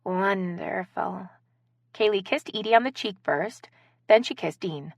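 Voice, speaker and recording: A woman's voice: lively intonation, moderate pace, no echo. A woman reading a contemporary romance audiobook aloud, narrating and voicing the characters' dialogue. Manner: shifts pitch and pace for each character's lines.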